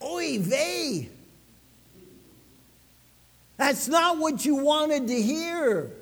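A man preaching a sermon, telling a story with dramatic swings between loud and soft. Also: extremely high pitch, very animated, very slow, long reverb tail. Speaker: pastor.

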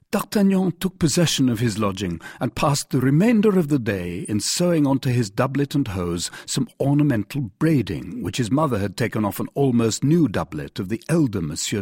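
Man, audiobook narrator, expressive, measured, husky tone, dry close sound. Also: medium pitch, no echo. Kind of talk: classic novel audiobook narration.

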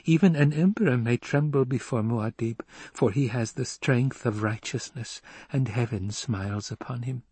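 A man's voice: medium pitch, husky, dry recording, natural voice. A man voicing a cool, defiant young girl. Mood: calm defiant. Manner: quiet, slow, cool and measured. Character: calm defiant young girl, eerily composed.

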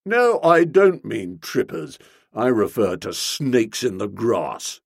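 A man's voice: mid-range voice, sing-song, takes it slowly, gravelly, breathy edge, no room sound, clean studio sound, voice pushed down, exaggerated voice. A man voicing a resentful young policeman who talks bluntly and grudgingly, in an audiobook. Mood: surly. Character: gruff young male policeman, resentful and menacing. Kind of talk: audiobook character voice.

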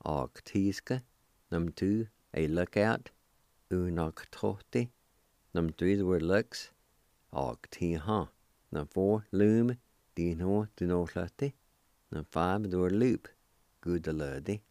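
A man's voice: sits low, slow, pauses often, warm tone, dry recording. A man hosting a radio language lesson, patiently spelling out words letter by letter and repeating their pronunciation. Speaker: radio language teacher and host.

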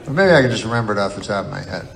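A man doing a stand-up comedy set, rambling and mock-earnest in a deadpan way, with sudden outbursts. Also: on the low side, racing, gravelly. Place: live comedy venue with laughing audience. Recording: live stage recording with crowd laughter and noise. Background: audience laughter.

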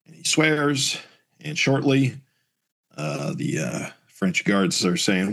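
A man's voice: on the low side, big pitch swings, takes it slowly, creaky, fairly bright tone. A man co-hosting a podcast, recapping a comic book and acting out the characters' lines in raised voices. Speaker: podcast co-host reading a comic aloud.

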